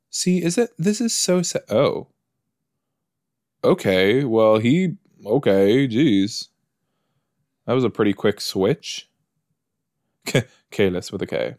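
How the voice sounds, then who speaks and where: A man's voice: medium pitch, animated, slow, long pauses, darkish tone, dry recording, studio quality. Joking man talking back at the screen. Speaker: podcast host. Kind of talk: episode watch-along commentary.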